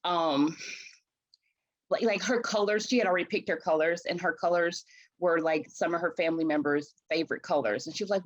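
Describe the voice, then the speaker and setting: A woman's voice: low voice, a little fast, no echo. Passionate woman event planner, muffled. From Chicago. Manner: passionate, animated, restarts often. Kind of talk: interview, storytelling.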